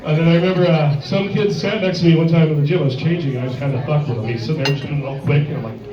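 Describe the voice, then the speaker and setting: A man's voice: on the high side, very fast. A man doing a stand-up comedy set in a sports bar, crude and rambling, full of filler words. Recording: echoey bar, distant dull mic, crowd.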